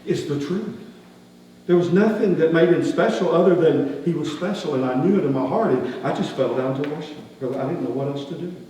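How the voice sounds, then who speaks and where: A man, a pastor, playing a skeptical, rough-spoken outcast shepherd in a first-person dramatic sermon, talking. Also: on the high side, brisk, lightly acted. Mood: earnest. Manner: folksy, colloquial grammar, rising animated questioning. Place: church sanctuary. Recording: echoey hall, distant mic, faint hum.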